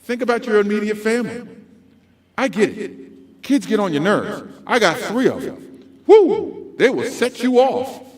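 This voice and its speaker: Give me an animated man giving a talk to educators, with a lively, bouncing voice. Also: high voice, moderate pace. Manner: animated, swings between loud and soft voices. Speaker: conference speaker. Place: school conference hall.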